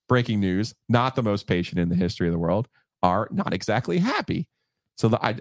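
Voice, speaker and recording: A man's voice: on the low side, dry recording, studio quality. A man hosting a sports podcast, talking conversationally and often repeating words.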